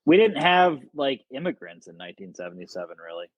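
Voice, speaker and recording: A man's voice: medium pitch, big pitch swings, quick pace, no echo. A man who is a chef, guesting on a podcast and chatting casually in a laid-back, dry way. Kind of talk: casual chat.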